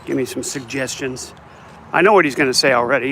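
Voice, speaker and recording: A man's voice: mid-range voice, a little fast, bright, forceful tone, a little hiss or hum. An older man chatting casually and joking at himself as he walks outdoors on a city street, talking into a phone. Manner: joking, self-mocking rambling. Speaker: vlogger. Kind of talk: casual walking vlog chat. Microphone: phone held while walking.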